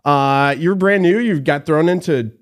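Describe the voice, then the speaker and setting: A sales director co-hosting a podcast, telling playful stories and acting out the people in them. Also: male voice, on the high side, unhurried, no echo, clean studio sound. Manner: playful storyteller who acts out voices. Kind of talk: casual podcast chat.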